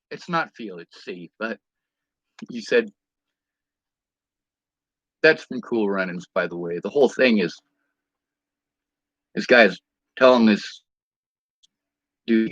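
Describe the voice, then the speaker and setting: A man's voice: on the low side, lively intonation, slow, pauses often, fairly bright tone, no room sound, poor audio. A man venting in a personal vlog rant, bitter and indignant, with frequent swearing.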